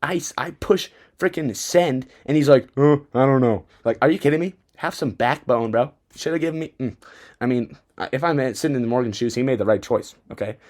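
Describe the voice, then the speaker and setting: A young man hosting a fantasy football podcast, talking in a rambling, excitable way and often stumbling over his words. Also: mid-range voice, a little fast. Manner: rambling, self-interrupting, excitable. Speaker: podcast host. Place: Bozeman, Montana.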